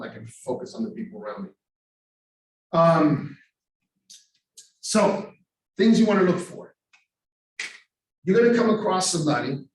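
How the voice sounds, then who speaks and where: A man's voice: on the high side, slight background noise. Man teaching in an echoey room. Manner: animated storytelling with acted street voices. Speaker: overdose prevention trainer. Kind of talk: live training talk. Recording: very echoey room, far from mic.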